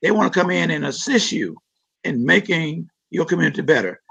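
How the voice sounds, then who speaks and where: A man's voice: on the high side, lively intonation, fairly quick, gravelly, sharp tone, breathy edge. A man, a city council member, giving earnest, emphatic interview answers and often repeating words as he builds a point. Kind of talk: interview answers about community issues. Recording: dull lo-fi live-stream audio.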